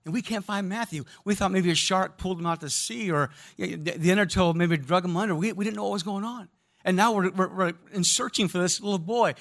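A man with a high-pitched voice delivers a sermon. He tells stories with animation and talks right to the congregation, asking for their response. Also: quick pace. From American Midwest. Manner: storytelling, animated, addresses congregation directly. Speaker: pastor.

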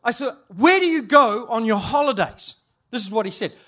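A man's voice: very high-pitched, lively intonation, moderate pace, pushed and bright. A man, a church leader giving a humorous storytelling talk at a conference, chatty and self-interrupting, laughing at his own stories.

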